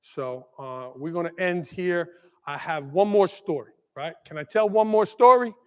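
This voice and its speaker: High-voiced man telling a keynote story. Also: measured pace, clean tone. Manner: animated, checks in with the crowd with constant "right?". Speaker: keynote speaker, school leader. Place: large conference hall. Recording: long hall reverb.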